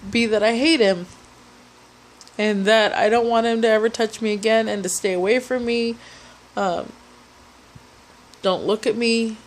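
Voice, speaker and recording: A young woman giving a personal testimony, retelling events in a halting, emotional way with many restarts. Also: mid-range voice. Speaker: speaker sharing a testimony.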